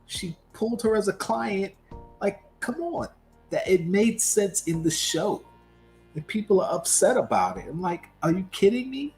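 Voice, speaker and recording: A man co-hosting a livestream, talking casually about pop culture in an animated, emphatic way full of rhetorical questions. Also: high-pitched, unhurried, soft background music. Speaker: livestream co-host.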